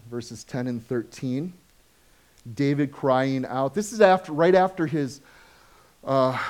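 This sermon comes from an adult male pastor with children of his own. He keeps it conversational, often questioning the congregation, and moves from lively storytelling to soft, low-voiced asides.

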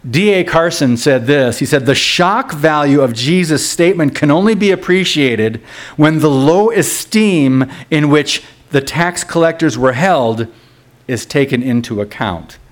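Man preaching a casual sermon. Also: animated. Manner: conversational preaching with asides, quick laughs and restarts; rises sharply in pitch when quoting scripture and crowds. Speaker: pastor.

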